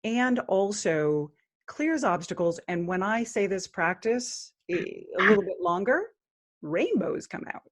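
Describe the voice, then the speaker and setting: A woman speaking as a guest on a podcast in an earnest spiritual interview, at times chanting mantras slowly. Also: mid-range voice, sing-song.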